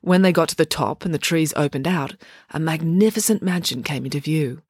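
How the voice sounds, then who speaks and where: A woman narrating an audiobook story with expressive storytelling. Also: deep voice, fairly quick, husky, no echo, studio quality.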